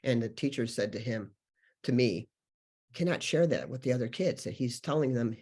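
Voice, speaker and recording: A man's voice: medium pitch, animated, moderate pace, darkish tone, breathy edge. A man guest on a spiritual podcast, telling stories earnestly and rambling with many fillers. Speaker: podcast guest, healer and channeler. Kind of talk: spiritual interview conversation.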